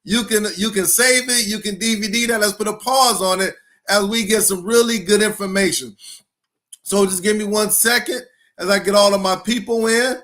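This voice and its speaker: High-voiced, hyped-up man hosting a livestream. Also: normal speed. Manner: energetic and hyped, repeating phrases for emphasis; greets viewers one by one by name. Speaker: school principal and podcast host. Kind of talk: live-streamed educational podcast.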